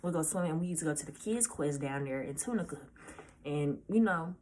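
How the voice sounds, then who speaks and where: A nineteen-year-old woman telling a personal story in a casual, halting way, often restarting her sentences. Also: low voice, animated, a little mellow, slight background noise. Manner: halting, hesitant, with many restarts; casual, informal speech. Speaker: vlogger.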